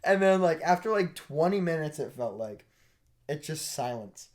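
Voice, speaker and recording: A young man co-hosting a podcast, telling a story in a casual, animated way and laughing as he goes. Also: fairly high pitch, normal speed. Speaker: podcast co-host.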